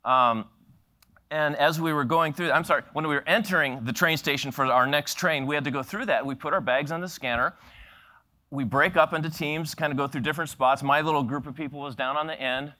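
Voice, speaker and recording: A middle-aged man preaching a sermon, telling a story with lively acted-out quotes and frequent laughs. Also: fairly high pitch, a little fast. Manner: animated storyteller acting out quoted voices, laughing often. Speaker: pastor.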